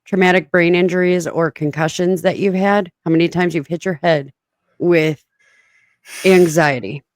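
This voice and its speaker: A woman's voice: fairly low pitch, fairly even intonation, normal speed, no echo, clean studio sound. A woman hosting a podcast, chatting casually, teasing her guest and laughing often. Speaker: podcast host.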